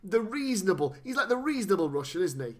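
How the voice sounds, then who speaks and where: A man co-hosting a casual, sweary chat, animated and fond of putting on mock voices. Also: high voice, fast talker. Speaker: podcast co-host.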